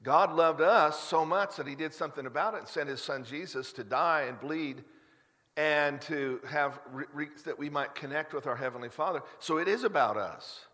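A middle-aged pastor with a fairly high, bright, pushed voice preaches at normal speed. His sermon is conversational and confessional, restarting often and climbing to emphatic peaks, all under a long hall reverb.

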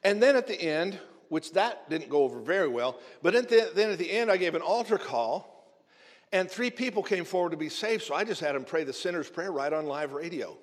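A man who is a minister telling a humorous story in a sermon, animated and often chuckling as he talks. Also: high voice, a little fast. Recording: long hall reverb.

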